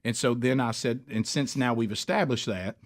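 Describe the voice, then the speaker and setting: A man with an Alabama accent, a loud and gregarious radio host telling a story on air. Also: medium pitch, normal speed. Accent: Southern US, Alabama. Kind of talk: animated storytelling on a radio show.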